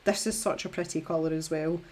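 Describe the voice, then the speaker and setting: A young woman talks casually on a live stream as she paints. Her voice sits a little low, and she rambles in a self-deprecating way, laughing often. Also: fairly even intonation, fairly quick, a little mellow. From Scotland. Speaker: art streamer.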